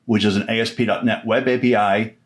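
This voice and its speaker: A man's voice: lowish voice, steady tone, a little fast. A man giving a casual screen-recorded tutorial, chatty and informal, with filler words and the odd joke. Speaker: software trainer.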